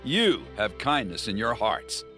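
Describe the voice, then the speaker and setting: An actor playing a wry, gossipy tribal elder in a game. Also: male voice, fairly low pitch, sing-song, measured pace, pushed and bright, faint music behind, exaggerated voice.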